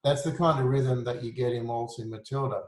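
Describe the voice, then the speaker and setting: A male music teacher of middle pitch talks through rhythm in an easygoing, self-deprecating way and sings the beats on "da". His voice carries a roomy echo. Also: fairly even intonation, fairly quick, a little mellow, slight background noise. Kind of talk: informal music lesson.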